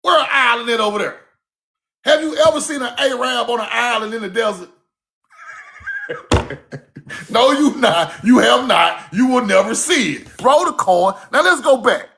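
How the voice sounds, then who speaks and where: A man giving a casual, fiery online lecture, cussing freely, repeating himself and shouting key words. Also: high-pitched, creaky. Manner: laughs at own points.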